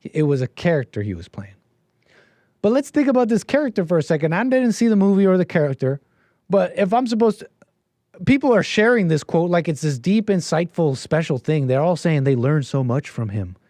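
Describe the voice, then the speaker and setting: A man's voice: on the high side, very animated, fairly quick, dark tone, no room sound. A man hosting a livestream, talking in an opinionated, rambling way with lots of rhetorical questions. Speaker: livestream host. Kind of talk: casual commentary stream.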